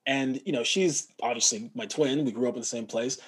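A man from Montreal, an actor and guest in a casual interview, telling stories in an animated way and mimicking other people's voices. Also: medium pitch, brisk, slightly rough. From Montreal, Canada.

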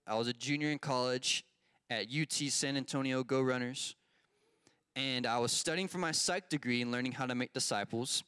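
Man, casual Bible lesson, conversational, questions to the group, dry close sound, middle pitch. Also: fairly bright tone, smooth, no room sound. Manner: conversational, asks the group questions, many fillers. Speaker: Bible teacher.

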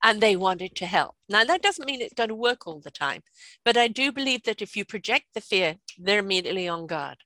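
A British woman in her sixties telling stories in a chatty, lively way, often laughing and checking in with "right?". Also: mid-range voice, a little fast, no echo. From Britain. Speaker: guest. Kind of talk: casual storytelling conversation.

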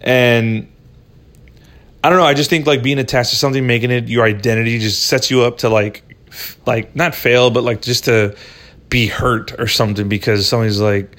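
A man's voice: medium pitch, fairly even intonation, normal speed, a bit bright. A man hosting a solo podcast, rambling casually and swearing a lot as he talks into a phone. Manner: rambling, profane, laid-back. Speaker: podcast host.

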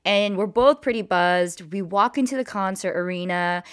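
A young woman telling a personal story to her viewers in a casual, animated way, with lots of "like" and "you know". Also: mid-range voice, normal speed, clear, resonant tone. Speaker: vlogger.

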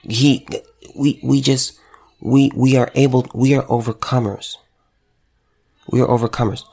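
A man's voice: medium pitch, flat delivery, a little slow, gravelly, a little mellow. A man who runs a store, delivering an impassioned monologue to camera, emphatic and repeating phrases for stress. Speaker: store owner.

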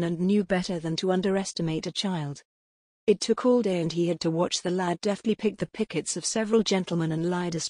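Woman narrator, husky lower voice, steady audiobook read, dry close sound. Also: dry recording. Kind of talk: scripted romance audiobook narration.

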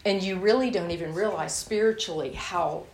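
A woman giving a sermon and telling personal stories in a lively way, acting out her own anger. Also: fairly low pitch, normal speed, slight background noise. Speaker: guest speaker. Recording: echoey room.

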